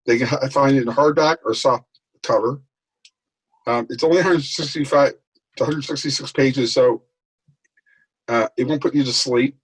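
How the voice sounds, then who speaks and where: A man telling lively anecdotes as a guest in an interview, acting out the people in his stories. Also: mid-range voice, normal speed, pauses often, husky, rough recording. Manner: animated anecdote telling, acts out quoted voices. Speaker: guest, author. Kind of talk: storytelling in a podcast interview.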